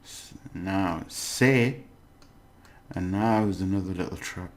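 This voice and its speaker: A man's voice: low-pitched, slow pace. A man teaching a casual language lesson, chatty and self-correcting, laughing at his own slips.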